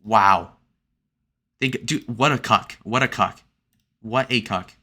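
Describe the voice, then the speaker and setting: Brief: young male commentator, bright and sharp-toned, crude and sarcastic. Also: lowish voice, slow pace. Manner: crude, sarcastic, filler-heavy with "like". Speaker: online commentator. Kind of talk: casual reaction commentary.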